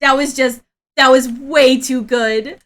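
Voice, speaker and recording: Woman streamer, high voice, excitable and rambling, quick to laugh and shriek. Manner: rambling, with many restarts. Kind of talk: casual live-stream chat.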